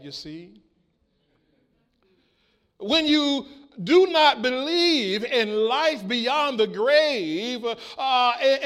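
A male preacher reading scripture and expounding on it in a deliberate sermon, prompting the congregation to respond. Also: high-pitched, fairly bright tone. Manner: slow, deliberate delivery with call-and-response prompts; acts out biblical speakers in quoted voices.

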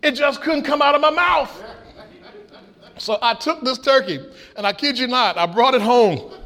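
A middle-aged man preaching a sermon, with shouted peaks and folksy stories. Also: extremely high pitch, moderate pace. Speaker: pastor.

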